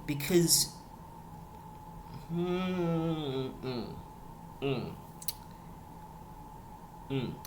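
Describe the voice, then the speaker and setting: A man's voice: mid-range voice, slight background noise. A young man reviewing a reality show episode in a casual vlog, rambling, repeating words and building into emphatic rants.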